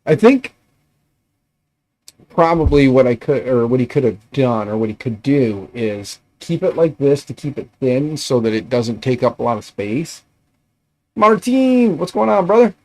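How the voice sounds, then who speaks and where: A man's voice: mid-range voice, moderate pace, mellow. Man rambling on a casual livestream. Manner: rambling, thinking aloud with fillers. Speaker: livestream host. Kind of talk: casual livestream chat while tinkering.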